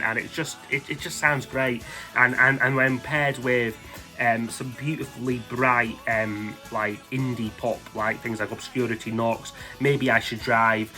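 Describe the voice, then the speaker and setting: Man, mid pitch, tense bright tone, chatty and rambling, faint music bed. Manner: rambling, full of "like" and "um", enthusiastic. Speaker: music vlogger ranking albums. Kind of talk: casual spoken album countdown.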